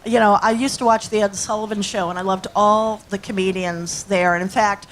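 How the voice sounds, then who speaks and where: A woman's voice: mid-range voice, fairly even intonation, a little fast, a little hiss or hum, low-quality recording. A woman in her sixties, an actress and acting teacher, telling rambling anecdotes to an audience. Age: 60s. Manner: chatty, rambling storyteller with fillers.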